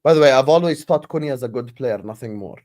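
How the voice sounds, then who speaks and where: A man's voice: mid-range voice, lively intonation, fast, darkish tone, no echo, studio quality. A man hosting a casual football livestream, chatting with viewers and slipping in Arabic phrases. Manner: chatty, talks to the chat, switches into Arabic phrases. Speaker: football stream host.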